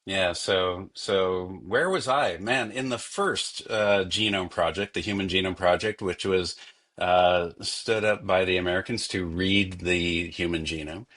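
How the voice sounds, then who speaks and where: A man with a Canadian accent, a guest in an interview, speaking thoughtfully with frequent pauses and restarts. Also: sits low, a bit bright. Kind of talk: conversational interview.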